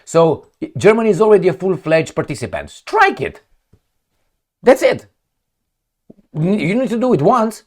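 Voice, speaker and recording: A man's voice: high-pitched, very animated, normal speed, pauses often. A man hosting his own opinionated commentary vlog, talking bluntly and profanely, repeating words for stress and making gunfire and kicking noises with his mouth. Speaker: channel host.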